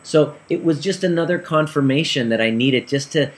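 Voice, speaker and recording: A man telling a client story in an earnest, animated way, acting out the dialogue as he goes. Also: on the high side, normal speed. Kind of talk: storytelling talk.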